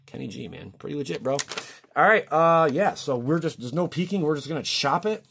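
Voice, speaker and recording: A man hosting a card-opening video in a casual, excitable way, swinging from hushed talk to shouting. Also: on the high side, fairly quick, vocal fry, slight background noise.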